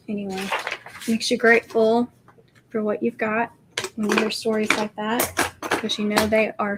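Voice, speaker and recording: A woman hosting a craft livestream, chatting in a soft, rambling way. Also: on the high side, background noise. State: emotional, near tears. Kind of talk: casual livestream chat.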